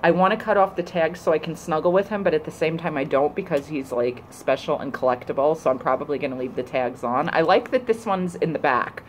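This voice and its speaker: A young adult woman vlogger unboxing a gift, gushing and excitable, squealing with delight. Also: sits low, a little fast, hardly any pauses, a little hiss or hum, rough recording.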